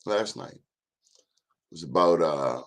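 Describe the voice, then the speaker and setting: Animated and bass-voiced, this live-stream host delivers a casual, chatty monologue. He talks directly to viewers and stretches out his phrases.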